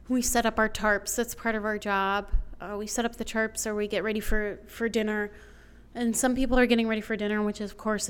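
A woman's voice: medium pitch, clear, resonant tone. A woman telling a personal story to an audience, emotional and piling up complaints in long runs. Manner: emotional, building lists of complaints. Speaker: storyteller on stage.

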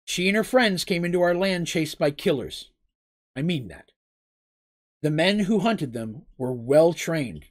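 Guy reading as a proud gully king dad writing a heartfelt letter, earnest, lively. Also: on the high side, measured pace. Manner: earnest, letter read in a plain voice.

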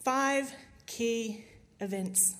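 Lively woman preaching a sermon. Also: a little high, extremely slow. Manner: humorous, animated storytelling with emphatic build-ups.

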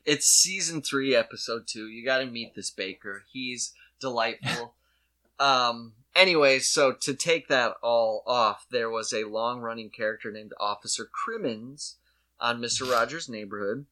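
A man in casual comedic chat, telling an animated story and slipping into put-on voices. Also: mid-range voice, a little slow.

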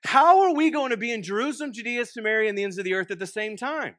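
A young man from Texas with a Texan accent preaching a sermon, joking and swinging between loud bursts and hushed asides. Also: sits high, fast, dry recording, studio quality. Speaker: pastor. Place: church.

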